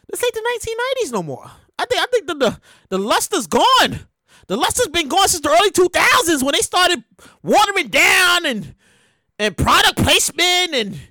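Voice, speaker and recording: A man hosting his podcast, ranting in comedic commentary, animated, repetitive and profane. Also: very high voice, dry recording. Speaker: podcast host and author. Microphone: podcast mic.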